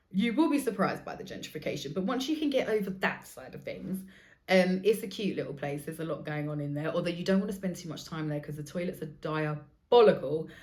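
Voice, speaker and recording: A woman's voice: low voice, darkish tone. A woman, hosting a podcast and telling stories in a chatty way that is full of swearing. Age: 40s. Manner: chatty, swears freely, acts out other people's lines. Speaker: podcast host. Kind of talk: casual storytelling monologue.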